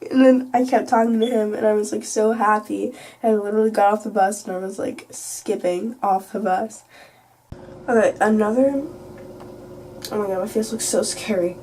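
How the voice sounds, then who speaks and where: A woman's voice: medium pitch, steady tone, normal speed, a little mellow. A teenage girl vlogging at home, telling a rambling late-night story full of fillers and swearing. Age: teens. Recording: distant mic, faint background hiss.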